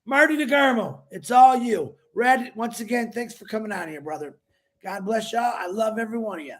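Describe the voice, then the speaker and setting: A man's voice: sits high, moderate pace. A man hosting a casual livestream, greeting viewers by name and talking in an emotional, effusive way. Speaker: livestream host.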